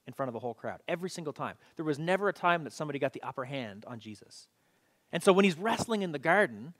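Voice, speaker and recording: A man preaching a sermon in a conversational, animated storytelling way, often repeating himself as he goes. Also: fairly high pitch. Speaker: pastor.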